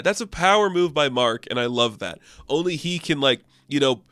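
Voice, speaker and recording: A man's voice: mid-range voice, lively intonation, normal speed, hardly any pauses, fairly bright tone, no room sound. A man casually reviewing a comic book in a rambling, offhand way, full of fillers.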